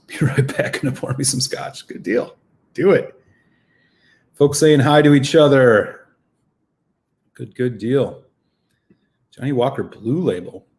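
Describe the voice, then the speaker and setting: A man hosting a relaxed live stream, a touch winded from a run. He chats loosely and greets viewers one by one as he reads the chat aloud. His voice sits at an ordinary middle pitch. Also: takes it slowly, long pauses. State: slightly out of breath after a run.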